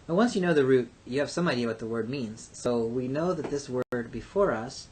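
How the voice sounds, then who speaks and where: Methodical male language teacher, faint rumble. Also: animated, normal speed, a little mellow. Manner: methodical, explains step by step with frequent uh and um. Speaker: Hebrew teacher. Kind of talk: recorded grammar lecture.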